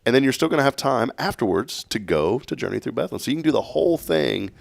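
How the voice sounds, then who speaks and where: A man's voice: medium pitch, big pitch swings, fast, gravelly, dry recording, clean studio sound. A man hosting a local morning talk show, chatting and joking with a guest. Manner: jokey, upbeat sign-offs. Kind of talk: casual chat.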